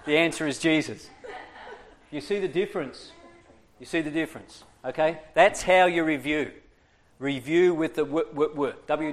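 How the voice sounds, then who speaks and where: A man's voice: on the high side, moderate pace. A man leading a training class for church teachers, coaxing his listeners along and checking in with them often. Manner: lively, coaxing, keeps checking in with "okay?".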